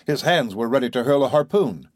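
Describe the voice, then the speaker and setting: A man narrating an adventure audiobook in a steady, even reading voice. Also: mid-range voice, brisk, dry recording, clean studio sound.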